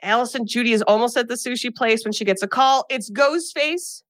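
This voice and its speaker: A woman co-hosting a podcast, retelling a film's plot in a lively casual way, acting out the characters' lines. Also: a little high, brisk, no room sound, studio quality. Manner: animated retelling with acted quotes and laughs. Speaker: podcast co-host. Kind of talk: casual movie recap.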